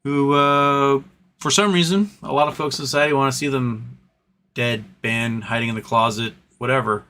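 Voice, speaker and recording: A man's voice: mid-range voice, steady tone, normal speed, pushed and bright. Guy doing a livestream, rambly and earnest, lots of restarts, faint hiss behind him. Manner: rambling and earnest, many restarts, swears casually. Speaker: livestream host reading chat. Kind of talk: casual livestream chat.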